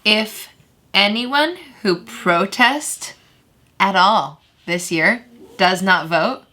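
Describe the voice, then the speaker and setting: Bright-toned young woman co-host. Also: mid-range voice, drawn-out words. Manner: emphatic, firm opinions. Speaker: podcast co-host. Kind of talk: casual chat.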